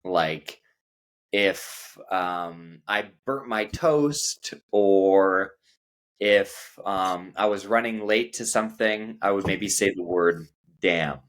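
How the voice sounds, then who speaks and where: American guy explaining swear words, slow and careful, really low voice. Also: fairly bright tone. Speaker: English teacher. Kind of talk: casual conversational lesson.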